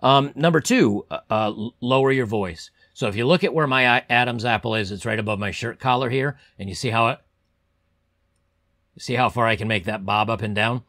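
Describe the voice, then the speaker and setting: A young man talking to camera as a channel host, giving rambling advice with lots of ums and repeated words, keeping his voice deliberately pressed low. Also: a bit bright, no room sound, clean studio sound. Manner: deliberately lowered, pushed-down voice. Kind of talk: casual advice monologue to camera.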